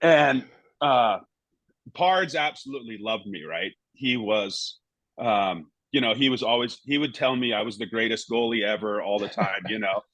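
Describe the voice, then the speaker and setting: A man's voice: lowish voice, moderate pace, fairly bright tone, dry recording, poor audio. Rambling middle-aged male storyteller. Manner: rambling, full of "you know" and "right?". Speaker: guest, former goalkeeper. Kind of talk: casual anecdote telling.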